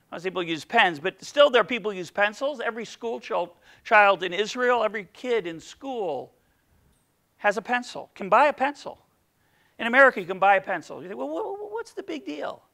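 A man's voice: high-pitched, pushed and bright. A middle-aged man giving an economics seminar lecture, playful and full of questions for the audience. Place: lecture room.

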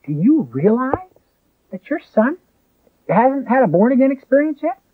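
A man's voice: extremely high pitch, big pitch swings, moderate pace, slightly rough, dry recording, voice pushed up, heavily acted. A man voicing a prying church elder in a raised, probing tone. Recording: tinny lo-fi recording.

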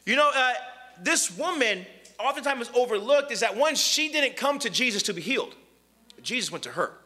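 A young adult man preaching a conversational sermon, animated and acting out the voices he quotes. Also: very high voice, normal speed.

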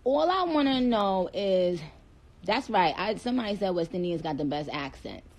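A woman's voice: mid-range voice, lively intonation, moderate pace, darkish tone. Sassy New woman on a livestream. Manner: playful, sassy, trash-talking, breaks into accents. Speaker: livestream host. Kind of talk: casual livestream chat. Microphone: phone.

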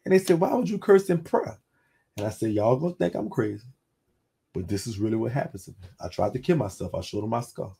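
A man's voice: medium pitch, animated, fast, vocal fry, dark tone, a little hiss or hum. A man with a Louisiana accent hosting a casual call-in talk, telling a personal story loosely, with many restarts and blunt cursing. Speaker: host.

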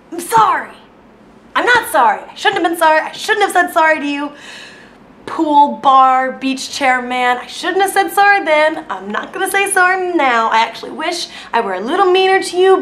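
A woman's voice: high-pitched, a bit bright. A woman comedy vlogger delivering an exasperated, emphatic comic rant to the camera. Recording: echoey room.

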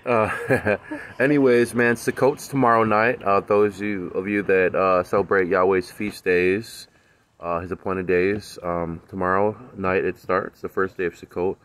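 A man's voice: sits low, steady tone, a little slow, fairly bright tone. A man vlogging casually outdoors in his backyard garden, talking in a laid-back, slangy way with lots of fillers. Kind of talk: casual chat.

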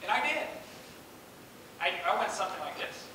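A middle-aged man giving a lively storytelling talk as a guest speaker, acting out the voices of people he quotes. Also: high-pitched, normal speed. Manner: animated, acts out quoted voices. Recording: echoey hall, distant mic, noisy.

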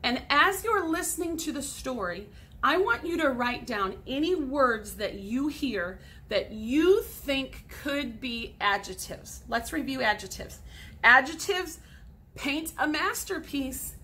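A woman's voice: high-pitched, expressive, unhurried, bright, forceful tone. A woman in her forties, a sixth grade teacher, patiently explaining grammar step by step in a recorded lesson for students at home.

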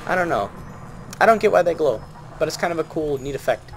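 A man's voice: fairly high pitch, lively intonation, brisk, vocal fry, background noise. Rambling, joking young man gamer. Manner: rambling, joking, self-mocking. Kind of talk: let's play commentary. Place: at home at night. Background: game music.

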